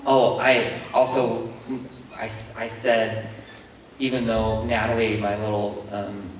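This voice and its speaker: A man's voice: fairly low pitch, flat delivery, slow pace. A man answering fan questions at a convention panel, rambling and self-deprecating with frequent chuckles. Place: large convention hall. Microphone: handheld mic, heard from a distance. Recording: echoey hall from far off, noisy.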